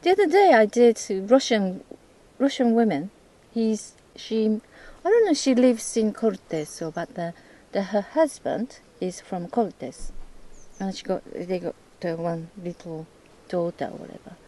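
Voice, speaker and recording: A woman talks slowly in a mellow, relaxed voice. Her English is halting, and she pauses often to search for the right words. The conversation stays casual throughout. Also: medium pitch, slight background noise, low-quality recording. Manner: hesitant non-native English, searching for words. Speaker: host, English learner. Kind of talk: casual chat.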